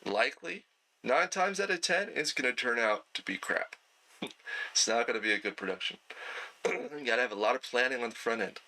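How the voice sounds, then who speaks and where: A man teaching an online night class in a relaxed, conversational way, with plenty of fillers and throat clearing. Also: medium pitch, fairly quick, poor audio. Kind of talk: casual lecture.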